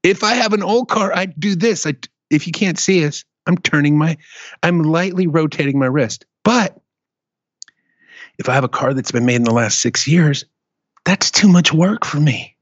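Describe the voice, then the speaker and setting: A man hosting a casual talk show, telling a profane, animated story in a rant. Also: on the high side, normal speed, no echo, highs cut off. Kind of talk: casual chat.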